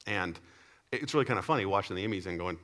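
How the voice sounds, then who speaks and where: A man with a somewhat low voice delivers a sermon, weaving stories into his message. He jumps between loud emphatic lines and low, quiet asides, keeping the telling lively. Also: quick pace. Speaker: pastor. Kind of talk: sermon with storytelling.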